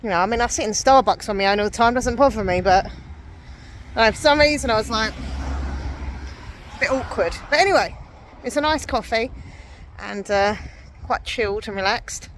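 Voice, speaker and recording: With a slightly high voice, a moderate pace and long pauses, a woman from England narrates her vlog chattily and self-deprecatingly. There's slight background noise as she moves around outdoors and then sits in a busy café.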